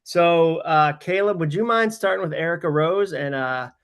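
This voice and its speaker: A man in his forties hosting a live webinar, telling stories in an animated, rambling way full of "like" fillers. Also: fairly high pitch, moderate pace, clear, resonant tone. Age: 40s. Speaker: host. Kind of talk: casual storytelling on a live webinar.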